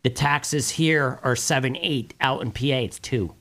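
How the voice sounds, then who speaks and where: A man co-hosting a real estate talk show in casual chat, with a loud voice. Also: mid-range voice, a little slow, creaky.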